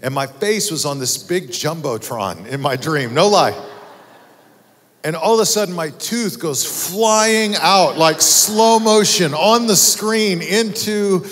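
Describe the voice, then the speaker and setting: Male preacher, from Texas, casual self-deprecating storyteller, raised pitch, long hall reverb. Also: slow, fairly bright tone, slight background noise. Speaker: pastor. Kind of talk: sermon. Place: church auditorium.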